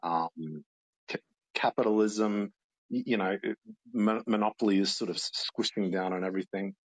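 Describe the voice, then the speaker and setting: A man's voice: fairly low pitch, fairly even intonation, dry recording, rough recording. A man calling in to a podcast, stammering and restarting his sentences often. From Australia. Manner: stammering, halting, many restarts. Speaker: caller. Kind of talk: casual call-in chat.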